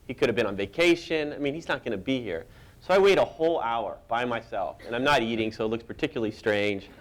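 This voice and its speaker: A man sits for an interview and tells stories about his career with lively, self-deprecating humor. His voice sits in an ordinary middle register, and he often breaks into amused laughter at his own anecdotes. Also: mid-range voice, quick pace. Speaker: cartoonist guest.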